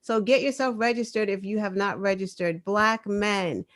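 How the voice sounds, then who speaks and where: A woman with a Boston accent co-hosting an online news talk show, animated and laughing often. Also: medium pitch, moderate pace. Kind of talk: casual chat.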